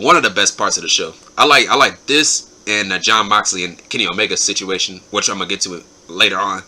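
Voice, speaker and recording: With a fairly low, sharp-toned voice, the host of a wrestling review show gives a laid-back, excited spoken recap, frequently saying things twice.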